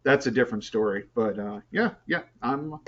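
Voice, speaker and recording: A man's voice: medium pitch, animated, moderate pace, a bit bright. A man in a support group sharing his story on a video call, talking hesitantly with lots of fillers and restarts. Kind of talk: casual chat on a video call. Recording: slightly muffled call audio.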